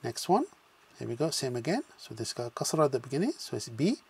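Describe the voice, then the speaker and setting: A man's voice: medium pitch, big pitch swings, fast, creaky, slightly rough. A man teaching a beginners' language lesson, patiently sounding out syllables one at a time and then blending them into words, with frequent "okay" check-ins. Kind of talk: slow spoken lesson with drills.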